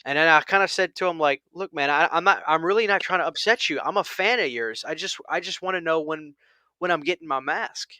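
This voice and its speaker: A man's voice: a little high, brisk, pushed and bright, no echo, studio quality. A man hosting a casual chat, telling a long story with many restarts and quoted lines. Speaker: channel host.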